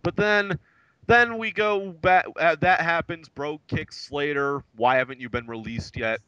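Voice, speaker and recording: A man co-hosting a wrestling podcast, chatting in a jokey, excitable way. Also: a little high, measured pace, clean tone, no room sound, lo-fi sound. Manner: excitable, jokey, drops into impressions. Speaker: podcast co-host. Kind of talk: casual wrestling recap chat.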